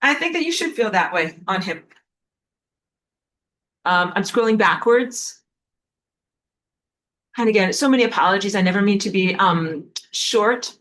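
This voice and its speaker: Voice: medium pitch, expressive, unhurried, long pauses, fairly bright tone, poor audio. A spiritual teacher talking casually on a livestream, rambling with many fillers and the odd swear word, reading viewer comments aloud and apologizing often. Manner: rambling, with frequent fillers and profanity.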